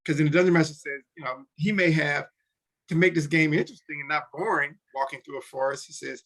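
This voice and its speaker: A man with a slightly higher voice talks through tabletop game rules in relaxed conversation. He often restarts his sentences and slips into short acted lines for characters. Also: fast. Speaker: podcast co-host explaining tabletop games. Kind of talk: casual explanatory chat.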